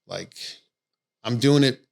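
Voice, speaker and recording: A man's voice: mid-range voice, fairly even intonation, slow pace. A man who coaches boxing, telling stories candidly in a casual podcast conversation and swearing often. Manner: candid storytelling with frequent swearing.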